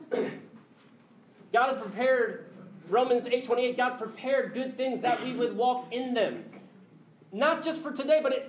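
A man preaching a sermon as pastor, animated and conversational, slipping in quick jokes. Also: extremely high pitch, a little hiss or hum. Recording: echoey hall with faint ambience.

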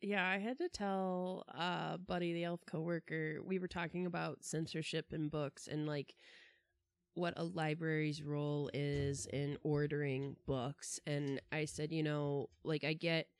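A woman's voice: deep voice, level tone, a little slow, clean tone, no echo. A woman in her thirties, a librarian co-hosting a podcast, telling stories in casual chat with fillers. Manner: storytelling, hesitant with fillers.

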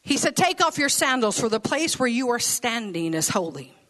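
A woman's voice: fairly high pitch, big pitch swings, moderate pace, a bit bright. A woman preaching a sermon with folksy phrasing and laughing asides.

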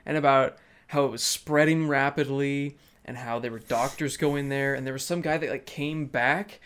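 A young man in casual chat, telling stories in an easygoing, expressive way. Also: mid-range voice, moderate pace, clear, resonant tone.

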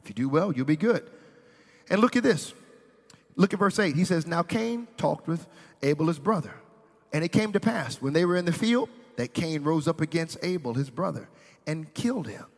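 Pastor guy preaching, kinda high voice, big echoey church hall, gets fired up and jokey. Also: expressive, normal speed. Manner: preaching with rising intensity and playful asides. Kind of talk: sermon. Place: church sanctuary.

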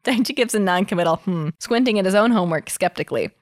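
A woman reads a story aloud in a casual podcast, her pitch leaping up and down as she voices the lines. She laughs often, and her voice sounds dry and close, with no room around it. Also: fast, no echo. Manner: giggly, reads dialogue with lively voicing. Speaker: podcast co-host reading fan fiction aloud. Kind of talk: casual chat and dramatic reading.

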